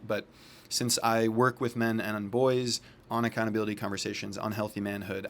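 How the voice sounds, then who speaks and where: Low gravelly man, calm storyteller. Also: a little hiss or hum. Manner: calm, reflective, earnest. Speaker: men's accountability facilitator. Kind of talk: casual storytelling.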